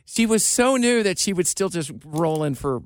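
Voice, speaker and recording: A man's voice: high-pitched, expressive, moderate pace. A male radio host in a studio, telling stories in a casual, self-deprecating way. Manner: chatty, storytelling, self-deprecating. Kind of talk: casual on-air chat.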